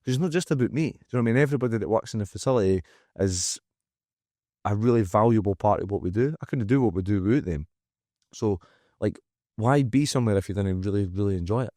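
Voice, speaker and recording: Expressive and fast, a low, mellow Scottish voice comes from a gym owner guesting on a candid podcast. He's frank and emphatic, swears freely, and acts out what people say. Recorded close-miked in a dry studio, there's no echo.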